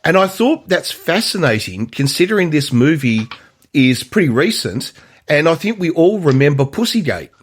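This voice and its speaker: A man co-hosting a movie podcast in casual conversation, often pausing and restarting his sentences. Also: a little high, very animated, slightly rough. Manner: halting, many restarts and fillers. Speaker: podcast co-host. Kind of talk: casual movie review chat.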